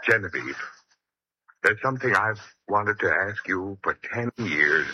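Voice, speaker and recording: A bashful, formal bachelor courts a lady on a hissy, lo-fi old radio recording. His pitch rises and falls as he stumbles over his words. The style is gentle 1940s radio comedy acting. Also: expressive, measured pace. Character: shy courteous bachelor, middle-aged man.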